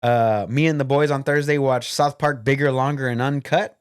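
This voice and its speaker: Podcast dude rambling n swearing, trying to remember names, mid voice, super dry close mic. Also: male voice, medium pitch, fairly even intonation, normal speed, smooth, dry recording. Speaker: podcast co-host. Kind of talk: casual chat.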